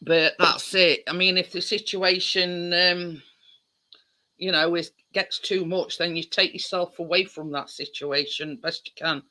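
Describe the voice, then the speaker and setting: A woman's voice: fairly low pitch, steady tone, a little slow, bright, forceful tone. A woman hosting a casual livestream, chatting with viewers in a rambling way with lots of fillers. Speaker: livestream host.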